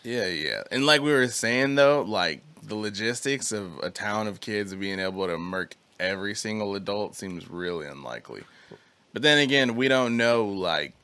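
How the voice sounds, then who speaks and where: A man's voice: fairly low pitch, lively intonation, normal speed, sharp tone, clean tone, no echo. A young man hosting a podcast in casual chat, laid-back and swearing freely with lots of slang. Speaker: podcast host.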